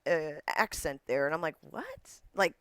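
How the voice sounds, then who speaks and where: Animated, laughing man with a smooth, dry voice. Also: a little high, a little fast, no room sound. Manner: animated storyteller who laughs often and acts out quotes. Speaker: interview guest. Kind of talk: casual interview chat.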